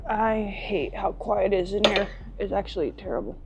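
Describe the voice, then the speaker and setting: A woman's voice: mid-range voice, moderate pace, creaky. A young woman bodybuilder chatting in a gym vlog, rambling with lots of "like" and "bro" and free swearing. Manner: rambling, swears freely, says "like" and "bro" often. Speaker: bodybuilder vlogger. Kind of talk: casual gym vlog chat.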